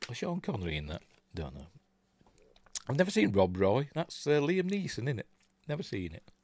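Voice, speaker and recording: An older host from Yorkshire chats casually on a live stream, rambling, chuckling and reading out what viewers have commented, all in a Yorkshire accent. His medium-pitched voice is sing-song and a little mellow at a moderate pace, recorded dry.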